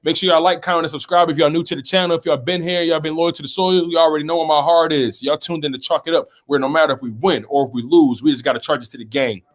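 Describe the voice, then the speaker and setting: A man's voice: fairly high pitch, steady tone, fast talker, few pauses. A man hosting a casual sports talk live stream, reading viewer comments aloud and reacting to them.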